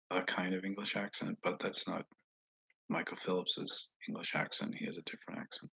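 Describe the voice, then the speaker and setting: A man with a Northeast US accent, hosting a casual live chat with viewers. He rambles slowly, with frequent pauses and fillers and asides that trail off quietly. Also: low voice, fairly even intonation, gravelly, husky, dry recording, low-quality recording. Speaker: channel host answering viewers.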